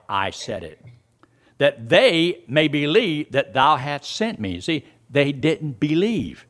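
Animated male preacher, swooping pitch. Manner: reads scripture aloud and explains it, voice rising and dropping sharply. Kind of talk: sermon.

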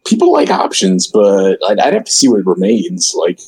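Husky-voiced guy hanging out, laughs a lot, pitch jumps all over. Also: wildly swooping pitch, moderate pace, darkish tone. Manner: laughing, hesitant, teasing. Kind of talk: casual chat.

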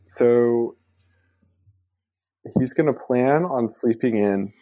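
A man's voice: medium pitch, very slow, mellow, dull audio. A man from the United States, a guest on a casual podcast, talking in a chatty way, laughing often and trailing off mid-thought. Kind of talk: casual interview chat.

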